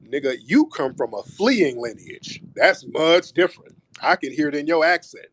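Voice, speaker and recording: A man's voice: a little high, expressive, moderate pace, a bit bright, a little hiss or hum. A man hosting a live audio chat room, confronting callers in a mocking, combative way. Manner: confrontational, mocking, repeats "brother". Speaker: host.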